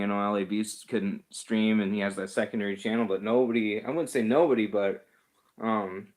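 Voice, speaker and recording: A man hosting a livestream, chatting casually and rambling with chuckles and self-deprecating asides. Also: fairly low pitch. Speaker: livestream host. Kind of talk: casual chat reading live comments.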